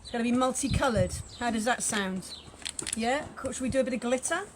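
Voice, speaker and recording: A woman's voice: fairly high pitch, a little fast. A Welsh woman hosting a church craft session, chatting playfully and joking at her own expense as she works. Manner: chatty and playful, laughs at herself. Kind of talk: casual craft demonstration. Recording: noisy room with hammering behind. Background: hammering noise.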